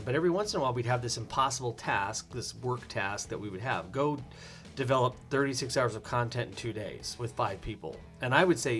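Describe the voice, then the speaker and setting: Casual podcast co-host, male, lively storyteller with a middle-pitched voice, faint music underneath. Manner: animated storyteller, mimics voices, lots of fillers. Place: living room.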